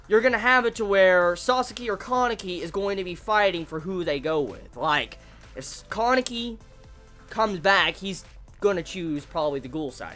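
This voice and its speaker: A woman giving an excited, casual manga review, swearing freely and bursting into shouts. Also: mid-range voice.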